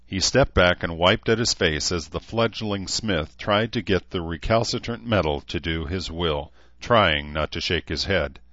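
A man reading an audiobook in a measured, even narration. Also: sits low, no echo, lo-fi sound. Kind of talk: scripted narration.

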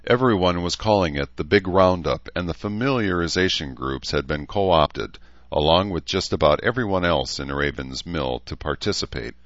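Narrator: man with a very low voice, steady reading, dry close dull sound. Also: normal speed, no echo. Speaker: audiobook narrator. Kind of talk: scripted narration.

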